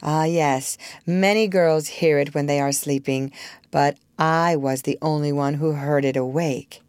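A woman narrating a storybook aloud in an expressive, gently wistful way. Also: low voice, unhurried, clear, resonant tone, no echo. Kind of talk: storybook reading.

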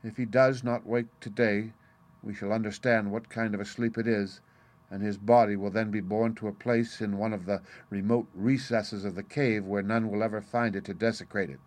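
A man with a fairly low voice reads a chapter of a classic novel aloud. His narration is measured and even, with a steady storytelling pace. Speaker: audiobook reader. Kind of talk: scripted narration.

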